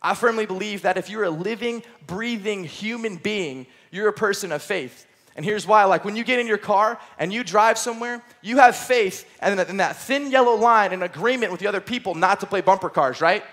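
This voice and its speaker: A young man, a high school pastor, delivering an energetic, chatty sermon from a church stage, using plenty of fillers. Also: normal speed.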